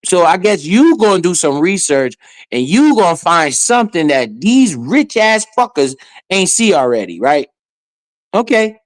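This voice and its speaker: Animated, heckling man with dry sound. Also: sits high, unhurried, dry recording. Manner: animated, heckling, swears and laughs often. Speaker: finance streamer. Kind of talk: casual commentary over a played clip.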